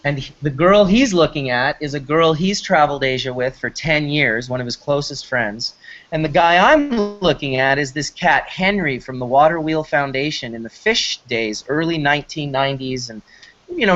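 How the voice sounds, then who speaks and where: This talk show host, a man with a medium-pitched, fairly bright voice, tells stories at a moderate pace in a rambling, eager style full of restarts. It's casual storytelling chat, captured on a slightly muffled lo-fi recording.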